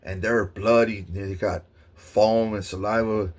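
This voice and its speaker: Low-voiced man telling a wild story. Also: takes it slowly. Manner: profane, rambling, excitable. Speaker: vlogger. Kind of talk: casual storytelling.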